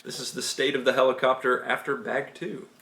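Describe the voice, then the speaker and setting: Playful father, teasing build-video host, roomy echo, steady background noise. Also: medium pitch, brisk. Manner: jokey, upbeat, teasing. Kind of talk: playful LEGO building commentary with his son. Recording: echoey room with background noise.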